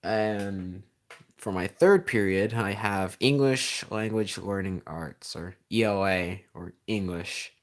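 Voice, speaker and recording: Teen male streamer, slightly low voice, casual rambling chat, sarcastic rants that get loud. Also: takes it slowly. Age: teens. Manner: rambling, sarcastic, frequent ums; gets loud and heated when ranting.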